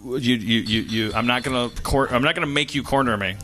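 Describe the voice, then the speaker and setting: A man's voice: medium pitch, fairly quick, pushed and bright. A man hosting a live podcast, rambling and profane, mocking himself as he talks. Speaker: podcast host. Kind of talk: live podcast banter on stage.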